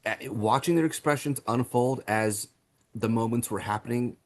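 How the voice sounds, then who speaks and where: A man in the middle of a relaxed podcast chat about a horror film, his voice sitting at an ordinary pitch. He talks with loose enthusiasm, piling up fillers and starting sentences over as he goes. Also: moderate pace. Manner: enthusiastic, many fillers and restarts. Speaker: podcast co-host. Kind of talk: casual movie review chat.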